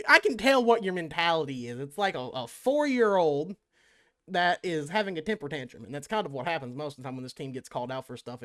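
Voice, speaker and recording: A young man ranting about gaming drama in a loose, casual commentary. His pitch swings widely, and his talk is profane and exasperated, full of restarts and tangents. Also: a bit bright. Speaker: gaming YouTuber.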